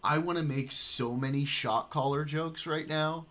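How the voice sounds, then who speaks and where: A man's voice: on the high side, fairly even intonation, measured pace, fairly bright tone. A man streaming casual reaction commentary, blunt and swearing often, sometimes reading messages aloud.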